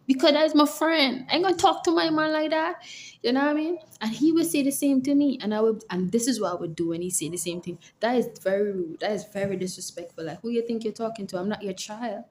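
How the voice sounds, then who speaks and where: Jamaican woman, young adult, casual advice vlog, lively storyteller who acts out the voices, faint noise behind. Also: a little high, fast. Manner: animated storytelling, acts out quoted lines.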